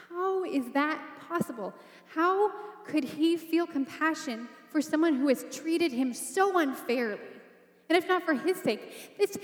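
A woman giving a sermon, telling a story in a conversational way and asking the listeners rhetorical questions. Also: high voice. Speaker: preacher. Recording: echoey hall.

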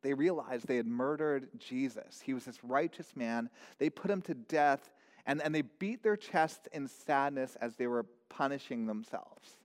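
This sermon comes from a man with a mid-range voice who speaks a little slowly. He preaches earnestly, asking searching questions and repeating words, his voice carried by a long hall reverb.

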